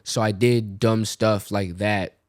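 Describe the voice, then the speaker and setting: A young man telling a story casually on a podcast, animated and quoting voices as he goes. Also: lowish voice, slow, dry recording, clean studio sound. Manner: animated, tells stories with quoted voices.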